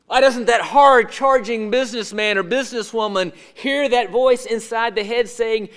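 Male preacher, high voice, dynamic sermon delivery with rhetorical questions. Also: moderate pace, hardly any pauses, clear, resonant tone. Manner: rhetorical questions, swinging from emphatic to hushed.

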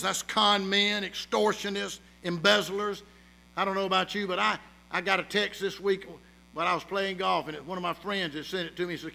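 A man's voice: sits high, a little fast, creaky, bright, forceful tone, rough recording. A man preaching a sermon, emphatic, with rhetorical questions and storytelling. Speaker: pastor.

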